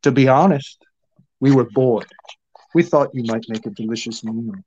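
A man's voice: mid-range voice, normal speed, darkish tone, muffled recording, slight background noise, natural voice. A man voicing a snapping old crone witch. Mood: resentful. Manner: snapping, sneering. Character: angry old female crone witch, cruel and cackling.

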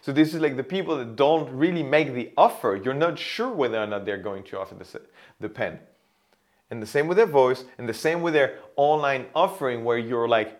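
A man teaching how to place the voice for sales, explaining with a pen example in an animated way. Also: mid-range voice, brisk. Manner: animated, demonstrates loud and whispered voices. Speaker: voice and sales coach. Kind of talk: teaching monologue.

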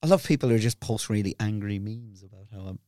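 A man's voice: on the low side, fast talker, warm tone, no room sound, studio quality. A man hosting a podcast in casual chat, laughing along and bantering agreeably. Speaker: podcast host.

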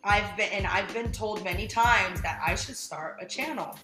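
A woman's voice: medium pitch, normal speed, bright, forceful tone, roomy sound, faint music behind, poor audio. A woman guest on a podcast, chatting loosely, swearing and laughing often. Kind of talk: casual chat.

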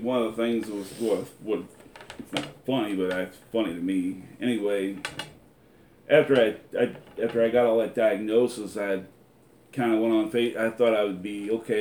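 A man telling a personal story in casual conversation, halting and full of restarts, animated when he quotes friends. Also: fairly low pitch, roomy sound, slight background noise. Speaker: preacher and husband.

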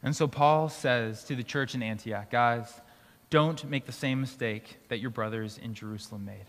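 Male pastor, mid-pitched, relaxed conversational sermon, recorded with long hall reverb. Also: moderate pace. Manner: conversational preaching with restarts and light laughs. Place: school auditorium used for church gathering.

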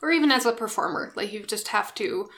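A woman co-hosting a comedy podcast, chatting casually and explaining history with lively asides. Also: medium pitch, quick pace. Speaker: podcast co-host.

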